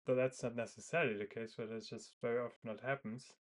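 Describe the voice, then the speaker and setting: A man talks through his thoughts in a loose, casual monologue. He hesitates often, restarts sentences and leans on fillers, in a mid-pitched, ordinary voice. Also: steady tone, fast talker. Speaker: video creator. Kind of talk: thinking aloud, casual monologue.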